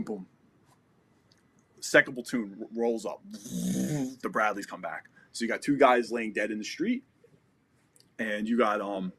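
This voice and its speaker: A man's voice: lowish voice, husky. An American man in his forties, a podcast guest telling a war story in a casual, profane and vivid way. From United States. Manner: profane, vivid, re-enacts dialogue.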